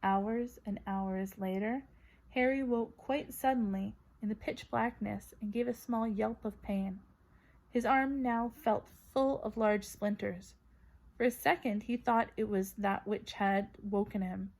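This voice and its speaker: A woman narrating a children's fantasy novel with expressive reading. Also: mid-range voice, unhurried. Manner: expressive, voices characters. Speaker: audiobook reader. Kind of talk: storybook narration.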